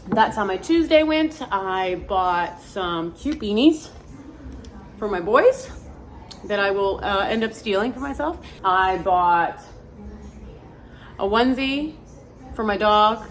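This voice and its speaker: A woman's voice: medium pitch, expressive, slow, pauses often. A woman in her thirties vlogging from her car, chatting in a rambling, self-mocking way and swearing casually. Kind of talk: casual chat. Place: inside a car in her neighborhood. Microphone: camera mounted in the car. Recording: noisy car interior. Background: car and road noise.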